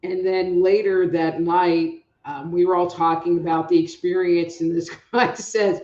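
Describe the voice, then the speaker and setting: A rambling, chatty woman hosts a live online show with a fairly low voice. The sound is a bit roomy and dull, like a home stream. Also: little pitch movement, a little slow, few pauses, mellow. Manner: chatty and rambling, calls out audience members by name. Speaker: psychic reader hosting a live online show. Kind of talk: casual live-stream chat.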